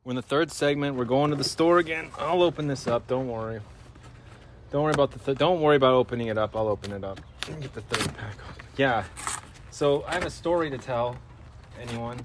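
A middle-aged man hosts a podcast as a rambling, casual monologue full of slang and repeated filler, constantly saying "dude." He talks briskly in a medium-pitched voice, with background noise audible.

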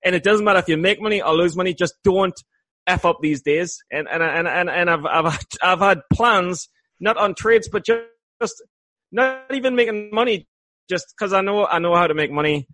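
Stammering, laughing podcast co-host. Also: male voice, sits high, brisk, dry recording. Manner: stammering restarts, laughing and animated. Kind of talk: casual podcast talk.

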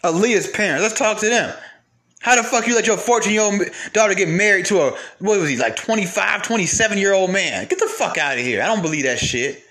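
High-pitched guy going off in a heated rant, sharp and forceful, cussing and asking the same question over and over. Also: animated, fairly quick. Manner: angry, profane, repetitive rhetorical questions. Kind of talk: heated profane rant to camera.

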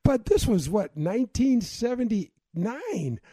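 High-pitched man with mellow tone. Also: very animated, takes it slowly, husky, dry recording. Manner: reflective storytelling with false starts. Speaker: guest. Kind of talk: conversational interview.

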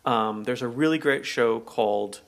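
Guy chatting on a podcast, lively, pops into high quote voices. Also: normal speed, creaky. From United States. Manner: animated, jumps into high voices for quoted speech. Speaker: podcast co-host. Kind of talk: casual chat.

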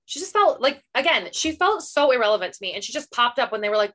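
A woman's voice: medium pitch, big pitch swings, fast talker, few pauses, fairly bright tone. A woman co-hosting a casual book club podcast, blunt and sarcastic, swearing freely as she gives her opinions. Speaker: podcast co-host.

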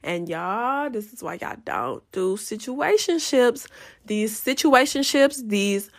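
A woman's voice: on the high side, takes it slowly. A young woman casually telling a profane storytime straight to her viewers. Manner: animated, profane, addresses viewers as y'all.

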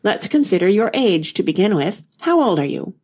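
Flustered old queen, put on by a woman reader, fretful, squeaky, husky edge. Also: big pitch swings, moderate pace, darkish tone. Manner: fussy, fretful, rising to a squeak.

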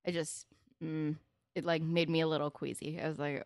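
A woman co-hosting a casual podcast, recapping a TV episode and acting out the characters' lines in quick asides. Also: low voice, no echo, studio quality. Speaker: podcast co-host.

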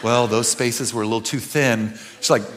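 A middle-aged man, preaching a conversational sermon that swings from quiet and earnest to loud, animated bursts. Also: mid-range voice, moderate pace. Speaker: pastor.

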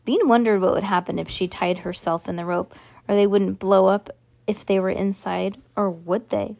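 A woman reads a children's book aloud, now and then slipping on a word and correcting it as she goes. Her mid-range voice is darkish with vocal fry, fairly even in intonation, at a moderate pace.

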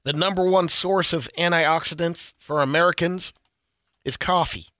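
A man's voice: on the high side, moderate pace, pushed and bright, no room sound, clean studio sound. A man co-hosting a morning radio show, reading trivia in a matter-of-fact way. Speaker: radio co-host presenting trivia segments. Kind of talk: casual morning radio banter. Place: radio studio.

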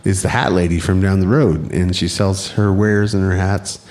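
An American man co-hosting a podcast, bantering loosely and cracking jokes with a ready laugh. His voice sits somewhat low, and the talk is casual and playful. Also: little pitch movement, normal speed, darkish tone, a little hiss or hum. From United States. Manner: jokey, riffing, often laughing and doing silly voices. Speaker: podcast co-host.

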